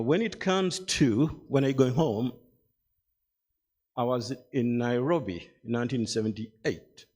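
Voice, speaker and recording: An older man giving a measured, deliberate speech to an audience, posing rhetorical questions. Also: mid-range voice, a little mellow. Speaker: festival speaker. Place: literary festival hall.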